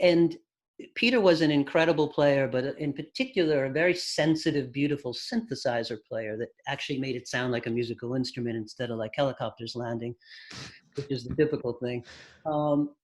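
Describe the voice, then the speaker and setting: A man, a record producer, guest on an interview, telling long anecdotes at an unhurried pace with thoughtful pauses. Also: medium pitch. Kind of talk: casual storytelling interview.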